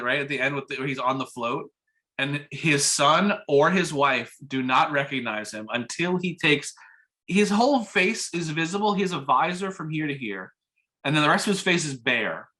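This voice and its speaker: Bright-voiced man retelling animatedly. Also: medium pitch. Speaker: podcast co-host. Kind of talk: casual chat.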